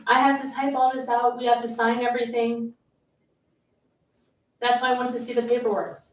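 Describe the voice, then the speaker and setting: A woman's voice: a little high, little pitch movement, normal speed. A woman supervisor chairing a township board meeting, reading out figures and motions in a businesslike way. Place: indoor township meeting room. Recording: echoey meeting room, mic far off.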